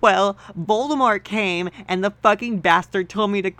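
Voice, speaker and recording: A man's voice: sits high, moderate pace, bright, forceful tone, no room sound, pitched above the performer's own voice. A man voicing an overwrought, swearing teenage goth girl during a comedic read-aloud of a story. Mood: distraught. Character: teen goth girl, melodramatic and angry.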